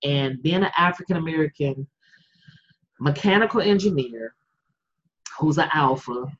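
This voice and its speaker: A woman hosting a podcast, responding in a soft, affirming, low-key way. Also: normal speed, highs cut off. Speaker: podcast host. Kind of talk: casual interview conversation.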